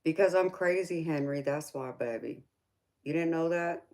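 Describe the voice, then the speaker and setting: A woman's voice: deep voice, normal speed, darkish tone. A woman with a Southern US accent, a tarot reader hosting a casual livestream chat, teasing viewers and calling them baby.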